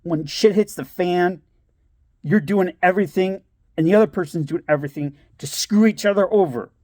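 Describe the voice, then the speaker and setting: A man's voice: high voice, moderate pace, a little mellow, no echo, studio quality. A man vlogging in a casual storytelling monologue, giving blunt, streetwise advice and laughing often as he talks. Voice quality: laughs often while talking.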